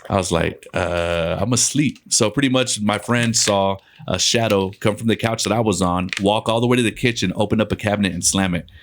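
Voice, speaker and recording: A man from West Texas with a fairly low voice tells a ghost story as a podcast guest, keeping it loose and conversational with casual swearing and laughs between lines. He talks briskly with hardly any pauses, over slight background noise.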